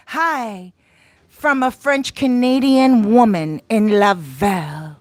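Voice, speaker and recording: A woman's voice: on the high side, lively intonation, slow, no room sound. A woman with an American accent, hosting a live stream in a playful, laughing manner, reading chat comments aloud.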